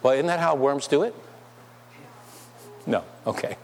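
A man's voice: mid-range voice, animated, a little slow, slight background noise. A man preaching a sermon in a church, asking his listeners rhetorical questions. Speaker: pastor. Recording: long hall reverb.

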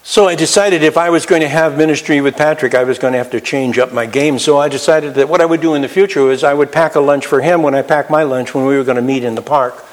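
A man preaching a sermon in an earnest storytelling manner, slowing down to stress key words. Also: fairly high pitch. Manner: earnest, storytelling, slows for emphasis.

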